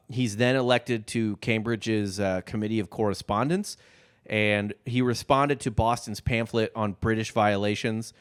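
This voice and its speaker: Podcast co-host, male, lowish smooth voice, rambling casual storyteller. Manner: loose, rambling storytelling with many fillers. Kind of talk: casual history podcast chat.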